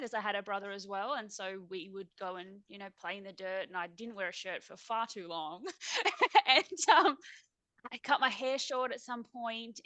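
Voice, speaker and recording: A woman's voice: mid-range voice, sharp tone, dry recording. An Australian woman, a guest on a remote video call, telling her personal story in a reflective, earnest way and laughing easily. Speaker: interview guest.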